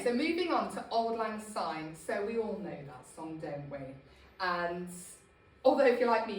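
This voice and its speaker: A woman's voice: lowish voice, slight background noise. A woman from Scotland giving a humorous, informal talk to a small group, laughing at herself often. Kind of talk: chatty informal presentation. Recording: echoey room, voice from a distance.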